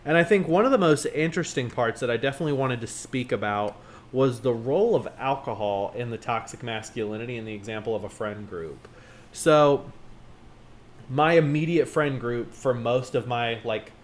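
A man chatting casually as a podcast co-host, joking and animated, jumping up in pitch for emphasis. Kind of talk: casual chat.

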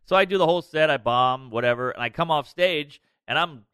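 A man's voice: fairly high pitch, fairly quick, smooth, dry recording. A man, a comedian guest, telling a story in casual, profane podcast talk. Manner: animated, profane.

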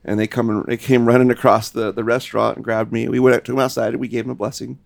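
A man's voice: mid-range voice, level tone, fast talker, creaky, no room sound. A man, co-host and paranormal investigator, talking earnestly in casual chat and repeating words for emphasis.

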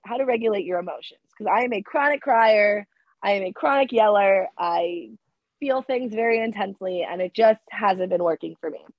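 A woman's voice: mid-range voice, dry recording. A woman co-hosting a podcast in casual chat, talking emphatically and repeating herself for emphasis, her voice sick. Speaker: podcast co-host. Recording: dry, dull lo-fi sound.

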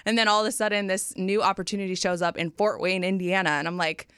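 A woman from Florida hosting a casual faith-focused conversation, quick and chatty with lots of "like" fillers. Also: medium pitch, flat delivery, a bit bright, clean tone, dry recording, studio quality. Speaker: podcast host, radio personality.

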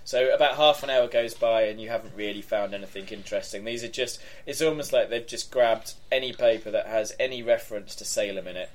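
A man narrating as game master in a relaxed, halting way with many fillers. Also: on the low side, a little hiss or hum.

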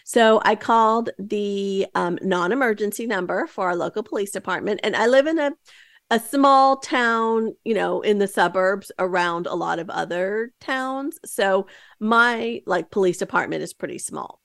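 A woman's voice: mid-range voice, measured pace, vocal fry, a bit bright, no echo, studio quality. A woman hosting a podcast, telling a story in a chatty, casual way with lots of fillers and asides. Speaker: podcast host.

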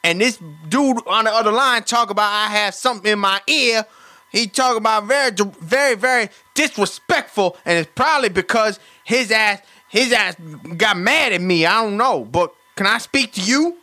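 A man voicing a hot-tempered, profane, streetwise caller on a prank phone call, loud and animated, swinging from rage to sweet talk. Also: high voice, moderate pace. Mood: apologetic.

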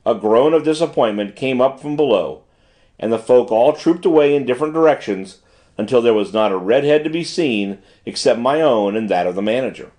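A man's voice: mid-range voice, expressive, fairly quick, darkish tone. A man narrating an audiobook in the first person, in formal period prose. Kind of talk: scripted narration.

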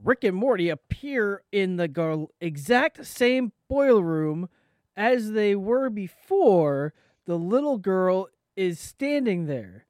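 A woman reading stage directions aloud in a casual, halting script read-through. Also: medium pitch, very animated, a little mellow, no room sound, clean studio sound. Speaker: script reader.

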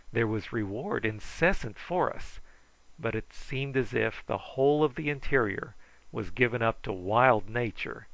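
Give me a man reading an adventure story aloud, steady and measured, in a dry, close recording. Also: medium pitch, no room sound, rough recording. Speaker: audiobook narrator.

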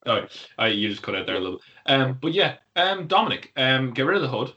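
A man rambles through wrestling talk as a podcast co-host, trailing off and restarting constantly. His voice is bright and forward. The audio is dull and lo-fi, like a call recording. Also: medium pitch, big pitch swings, a little fast. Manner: rambling, filler-heavy, laughs easily. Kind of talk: casual wrestling chat.

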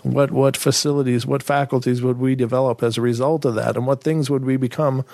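A man's voice: mid-range voice, little pitch movement, brisk, vocal fry, dark tone, no room sound. A man hosting a podcast, telling a personal story in a casual, musing way, full of rhetorical questions and restarts. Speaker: podcast host.

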